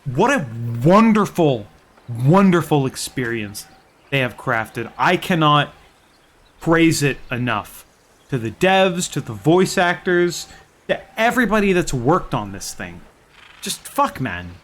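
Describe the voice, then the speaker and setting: A young man telling game stories in a casual, excited and profane way as a streamer. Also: on the high side, slow. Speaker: gaming streamer. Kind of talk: casual chat.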